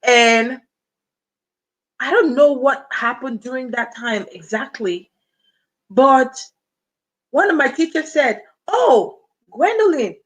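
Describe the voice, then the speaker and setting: A slightly high-voiced woman with a Cameroonian accent hosts a casual livestream. She chats easily and speaks straight to her viewers, reading out their comments as she goes. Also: slow pace, pauses often, fairly bright tone, low-quality recording. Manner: chatty, addresses viewers directly and reads out comments. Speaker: livestream host.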